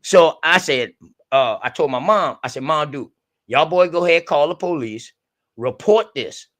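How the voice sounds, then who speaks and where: A man's voice: fairly high pitch, animated, moderate pace, a bit bright. A man hosting an online group call, telling a story in casual, profane street talk and acting out the voices of the people in it.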